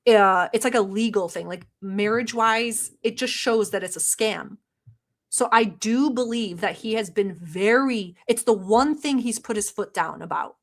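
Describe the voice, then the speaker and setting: Higher-voiced sarcastic woman vlogger. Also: a bit bright. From Middle East. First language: not English. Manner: blunt, sarcastic, profane. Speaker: commentary vlogger. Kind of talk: reaction commentary.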